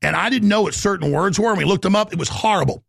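A man's voice: high-pitched, fast, a bit bright, dry recording, clean studio sound. A man hosting a talk radio show, delivering a rambling, heated monologue that jumps between topics. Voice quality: gravelly, raspy.

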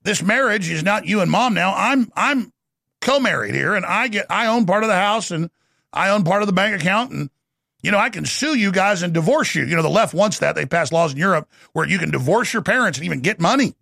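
A middle-aged man hosting a political commentary show, sarcastic and jokey in an animated way. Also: sits high, fairly quick, vocal fry, dry recording, studio quality. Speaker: show host.

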